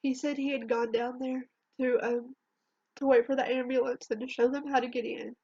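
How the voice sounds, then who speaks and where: A woman telling a painful personal story in a halting, emotional way, her voice trembling near tears, in a dull lo-fi home recording. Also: sits high, level tone, mellow, no echo. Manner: halting, emotional, with restarts and long pauses. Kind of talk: personal spoken testimony.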